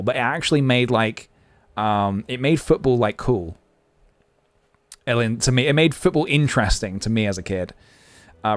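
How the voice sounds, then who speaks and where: A man's voice: medium pitch, no room sound. A young man live-streaming, chatting casually and thinking aloud with lots of fillers as he goes.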